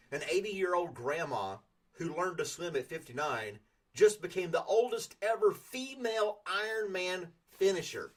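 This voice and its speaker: A man's voice: high voice, sing-song, moderate pace. A man hosting a casual morning podcast, rambling in a folksy, self-deprecating way. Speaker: podcast host.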